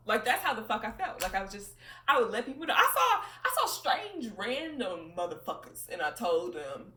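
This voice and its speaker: Speaking at a moderate pace, this woman has a highish, sing-song voice that's bright and forceful. She's at home vlogging, musing openly with plenty of profanity and frequent laughter, while the mic picks her up from a distance in an echoey room.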